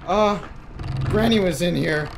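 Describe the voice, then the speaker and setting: A man's voice: a little slow, gravelly, background noise. Jumpy young man playing a horror game. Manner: jumpy and excitable, yells at the game, then talks low and taunting. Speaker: gaming YouTuber. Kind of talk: horror game let's play commentary.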